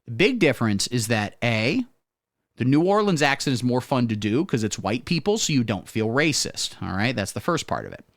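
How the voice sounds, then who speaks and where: A man hosting a profane satirical comedy monologue with deadpan absurd jokes. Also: mid-range voice, normal speed, dry recording, studio quality. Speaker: comedy host.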